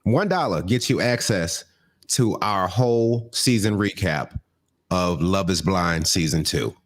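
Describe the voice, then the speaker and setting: A man's voice: sits low, animated, unhurried. A man co-hosting a comedy podcast, joking and teasing in slangy casual chat.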